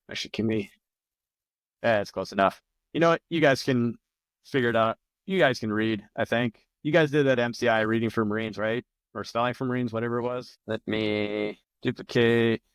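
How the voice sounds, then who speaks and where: A man runs an online trivia night from a room at home, reading answers aloud in a loose, offhand way. He drops jokes and the odd curse between questions. His voice is mid-pitched and sounds dry and close to the mic. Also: clear, resonant tone, dry recording. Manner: loose, joking, profane asides while reading answers. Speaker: trivia host. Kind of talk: casual live-stream trivia hosting. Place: home room with a large plant behind him.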